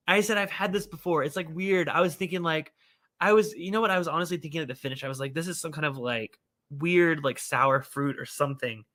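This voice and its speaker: A man hosting a casual whiskey livestream, animated and scolding himself with frequent exclamations. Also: a little high, fairly quick.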